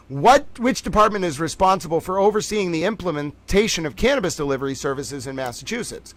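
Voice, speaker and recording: A man hosting a casual livestream trivia game, calling out viewers by name and praising them, swinging from loud excitement to quiet muttering. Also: a little high. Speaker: livestream host running trivia.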